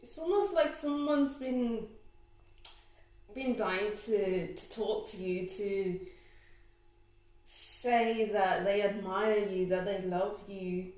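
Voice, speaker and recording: Slow, emotional woman reading tarot, echoey. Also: medium pitch, a little mellow. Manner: emotional, gushing, exclaims often. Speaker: tarot reader. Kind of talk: pick-a-card tarot reading. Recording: very echoey room.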